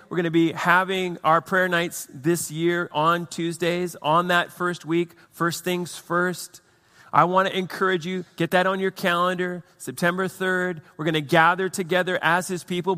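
A man's voice: on the high side, sharp tone, in a large hall. A man preaching a sermon as pastor, conversational, with restarts and playful acted asides.

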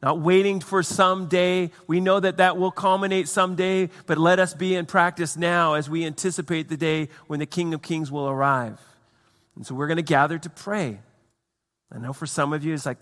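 A man's voice: fairly high pitch, fairly even intonation, moderate pace, fairly bright tone, in a large hall. A man preaching a sermon as pastor, conversational, with restarts and playful acted asides.

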